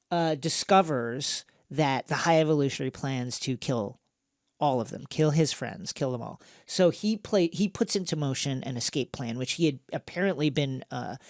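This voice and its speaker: Male podcast host, gravelly voice, dry studio sound, animated recap chat. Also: on the high side, dry recording. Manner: animated storytelling with fillers. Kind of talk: casual film recap chat.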